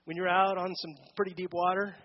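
A man's voice: high voice, flat delivery, a little fast, muffled recording, a little hiss or hum. A man giving a conversational sermon as a pastor, asking the congregation questions during a church service.

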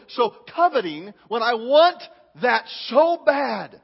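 A man preaching a sermon, leaning hard on drawn-out stresses and repeating words for emphasis. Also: very high voice, sing-song, vocal fry, breathy edge, in a large hall, dull audio. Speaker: pastor.

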